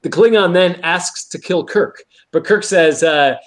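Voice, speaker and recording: A man's voice: sits high, measured pace. A man co-hosting a podcast, casually recapping an episode and acting out quoted lines. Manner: animated retelling with quoted lines. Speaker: podcast co-host.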